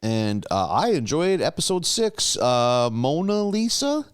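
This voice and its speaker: Animated male podcast co-host, lively pitch, quick to laugh, dry close sound. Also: smooth, dry recording. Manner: laughs often, animated retelling. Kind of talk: casual chat recapping episodes.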